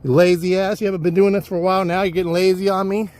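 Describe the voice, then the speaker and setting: Crude, teasing male dog, slightly high voice, put on by a man. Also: little pitch movement, rapid-fire, a little mellow, close to an everyday voice. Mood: mocking. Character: impatient male dog scolding his owner.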